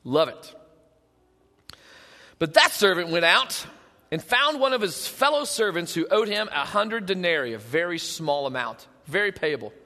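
A male pastor with a very high, bright voice delivers a sermon. He is emphatic and swings between loud and hushed, and a long hall reverb rings through the sanctuary. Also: big pitch swings, normal speed.

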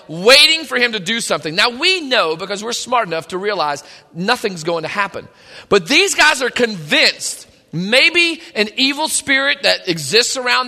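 A man's voice: very high-pitched, bright, forceful tone, long reverb tail. A man preaching a sermon, reading scripture and retelling it in casual modern speech.

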